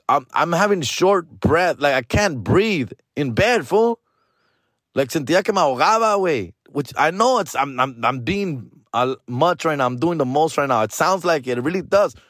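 A man's voice: on the high side, a bit bright, no echo, clean studio sound. A middle-aged man and podcast host, chatting casually in a rambling, profane way and dropping Spanish slang into his English. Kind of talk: casual chat.

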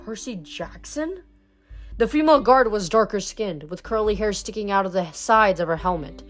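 A woman reading a novel aloud, with an even storytelling delivery. Her voice sits at a middle pitch, with faint music running beneath. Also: fairly quick. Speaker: reader.

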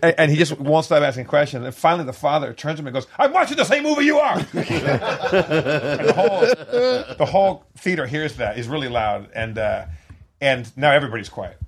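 A man casually telling a long funny anecdote on a podcast, laughing often and bursting into loud impressions. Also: medium pitch, normal speed. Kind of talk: casual podcast chat, storytelling.

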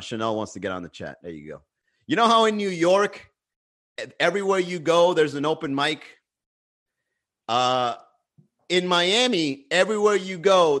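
A man's voice: a little high, fairly bright tone. A man chatting casually on a livestream, reading the chat and joking with a lot of profanity. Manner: profane, joking, laughs often.

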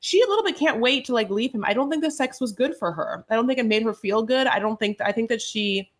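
A woman's voice: a little high, expressive, quick pace. A woman co-hosting a podcast, rambling casually with lots of "like" and "you know" and calling people honey. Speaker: podcast co-host. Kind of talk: casual recap chat.

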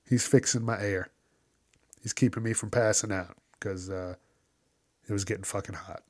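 A man's voice: fairly low pitch, steady tone, normal speed, pauses often, a little mellow, slightly rough, no room sound. Profane ranting man, dry close mic. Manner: profane, ranting, acts out quoted exchanges. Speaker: podcast host. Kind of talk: casual solo rant.

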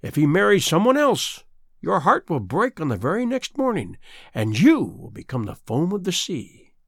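A man voicing a cruel, scheming female sea witch in a storybook reading, with a slow, taunting delivery. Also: high voice, huge pitch swings, no room sound, studio quality, full character voice.

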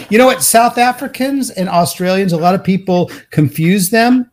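A man hosting a live show as a guitar mentor, talking in a rambling, energetic way and laughing often. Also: high-pitched, normal speed. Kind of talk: casual live show chat.

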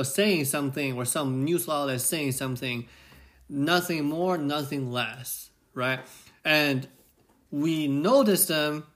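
A man's voice: medium pitch, fairly bright tone. A man hosting a reflective solo podcast. He talks in a rambling way, with many restarts and frequent "right?" tags. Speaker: podcast host.

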